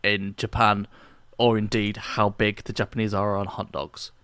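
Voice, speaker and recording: A man co-hosting a podcast in casual chat, rambling and halting with many restarts. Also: on the low side, little pitch movement, bright, forceful tone, smooth, no room sound. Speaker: podcast co-host.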